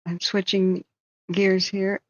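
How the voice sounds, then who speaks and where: A tired woman hosting a casual live wildfire-tracking stream, slightly hoarse and thinking aloud while chatting with viewers. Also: mid-range voice, level tone, takes it slowly, no echo, lo-fi sound. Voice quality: slightly hoarse, clears throat. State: tired after staying up all night. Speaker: wildfire tracking livestream host.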